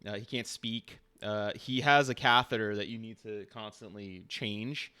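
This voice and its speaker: A man streaming and acting as game master, narrating casually with halting, amused delivery and frequent fillers. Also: on the low side, steady tone, sharp tone, clean tone.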